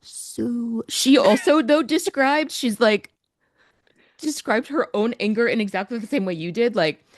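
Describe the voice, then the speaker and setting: A woman co-hosting a podcast in casual chat, wry and quick to laugh, swearing offhandedly. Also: fairly high pitch, no room sound, studio quality. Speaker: podcast co-host.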